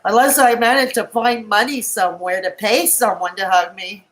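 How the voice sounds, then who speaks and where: A woman's voice: mid-range voice, fairly even intonation, normal speed, poor audio. A woman on a live stream, crying as she talks to her viewers in a raw, emotional and defensive way. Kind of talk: tearful live-stream monologue.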